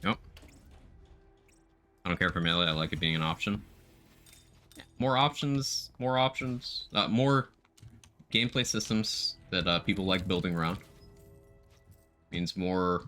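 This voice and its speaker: A man with a very deep voice and a bright, forceful edge chats through a live game stream. He talks casually about his build and reads out viewer chat as he plays. Faint music sits under his voice. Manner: chatty, reads out viewer chat while playing. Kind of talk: casual gameplay commentary.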